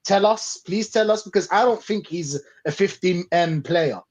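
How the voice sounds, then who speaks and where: A man's voice: high-pitched, normal speed, dull audio. A man hosting a casual fan podcast, reading out chat comments with slang and frequent laughter. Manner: excitable, laughs often, slangy.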